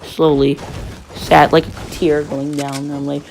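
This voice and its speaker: A man's voice: on the high side, completely flat delivery, measured pace, creaky, a little mellow, slight background noise. A teenage boy telling a rambling story-time tale, full of fillers and restarts.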